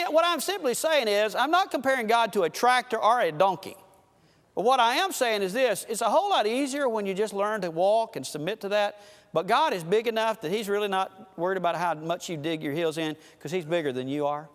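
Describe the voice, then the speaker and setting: A man preaching a sermon, telling folksy farm stories and swinging between loud and soft delivery. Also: very high-pitched, in a large hall. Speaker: pastor.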